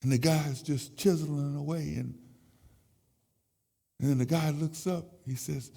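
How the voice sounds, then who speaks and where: Halting man testifying in a church. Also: a little high, creaky, warm tone, breathy edge. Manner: emotional, halting with repeated words. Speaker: church speaker. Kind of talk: sermon testimony. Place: church sanctuary. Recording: echoey church hall.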